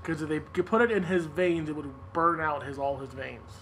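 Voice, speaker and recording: A man's voice: a little high, normal speed, a bit bright, slight background noise, low-quality recording. A man hosting a podcast, recounting news in loose, casual chat with frequent laughter and swearing. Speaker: podcast host.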